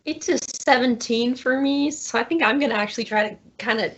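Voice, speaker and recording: A woman's voice: fairly high pitch, a little fast, a little hiss or hum. A young woman taking part in a tabletop game who laughs easily, heard through a dull lo-fi recording. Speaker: player.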